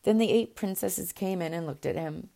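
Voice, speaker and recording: A woman reading a fairy tale aloud in a gentle, unhurried way, with the odd small restart. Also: on the low side, vocal fry. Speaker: storyteller. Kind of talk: storybook read-aloud.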